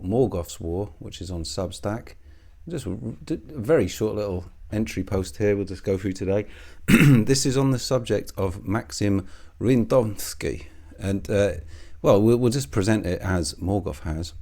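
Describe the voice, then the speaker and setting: A man's voice: low-pitched, creaky, warm tone. A man hosting a commentary channel, ranting with heavy swearing and scorn. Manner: profane and scornful, lots of swearing.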